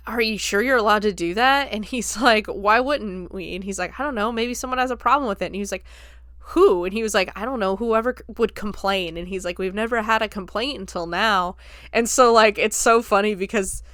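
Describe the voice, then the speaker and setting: A woman with a mid-range, fairly bright voice hosts a podcast, casually recapping a film scene by scene. She laughs often and acts out the lines she quotes. The recording is clean, echo-free, and studio quality.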